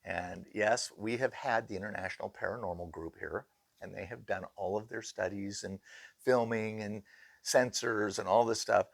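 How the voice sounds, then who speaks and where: A middle-aged man casually telling ghost stories as an innkeeper, lively and acting out the voices of the people he quotes. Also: lowish voice, normal speed, gravelly, dry recording, studio quality. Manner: animated, acts out quoted voices. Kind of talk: casual storytelling.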